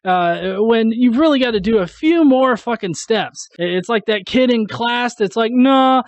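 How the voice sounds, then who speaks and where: High-voiced man ranting crudely. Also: expressive, normal speed, dry recording. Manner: crude, sarcastic, swears constantly. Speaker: host of a response video. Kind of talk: profane casual rant.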